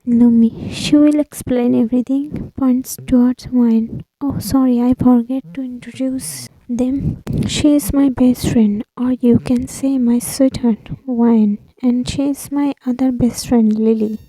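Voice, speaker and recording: A woman's voice: on the high side, steady tone, a little slow, mellow, no room sound, poor audio. A woman reading the part of an anxious young woman student who pleads with her uncle for help.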